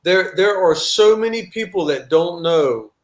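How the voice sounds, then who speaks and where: A man with a fairly high voice hosts a relaxed livestream chat. His pitch swings widely as he stresses his points. He often repeats words for emphasis. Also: unhurried. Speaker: channel host.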